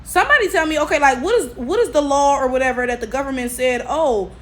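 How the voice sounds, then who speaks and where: A young woman giving animated, profane reaction commentary, punctuating points with "okay?" and "right?". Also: high-pitched, fast. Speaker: commentary vlogger.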